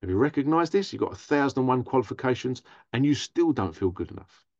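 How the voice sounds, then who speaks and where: A man's voice: medium pitch, animated, fast talker, a little mellow, no echo, dull audio. A man hosting a podcast, talking casually in a rambling way and acting out inner thoughts. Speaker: podcast host. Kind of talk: casual monologue.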